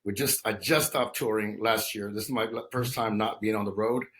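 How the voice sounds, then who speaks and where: A man's voice: lowish voice, steady tone, normal speed, a bit bright. Talkative man in his fifties. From Texas. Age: 50s. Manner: talkative, many restarts and "you know" fillers. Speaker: guest. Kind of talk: conversational interview.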